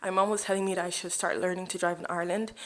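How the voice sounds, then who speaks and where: A woman's voice: lowish voice, little pitch movement, very fast. A young woman telling a personal story to camera in a chatty, rambling way, leaning on "like" as she goes. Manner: chatty, rambling, heavy use of "like". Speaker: vlogger sharing a testimony.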